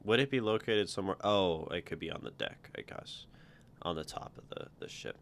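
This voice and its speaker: Deep gravelly man giving casual critique. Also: big pitch swings, moderate pace, a bit bright, a little hiss or hum. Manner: rambling, full of ums, likes and restarts. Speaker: livestream host reading viewer writing. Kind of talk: casual live critique and reading aloud.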